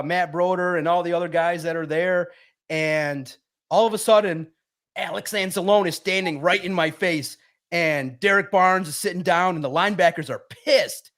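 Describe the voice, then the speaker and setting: Telling a story at a moderate pace, this sports publisher guesting on a sports podcast has a high-pitched voice and a casual, energetic delivery. He sounds lively and animated, like he's talking with friends.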